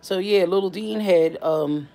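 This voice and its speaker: A woman's voice: on the low side, a little slow, creaky, dark tone. A tired, yawning woman hosting a casual family live stream from home, talking informally with lots of fillers. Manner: drawling, informal, many fillers. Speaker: family channel host.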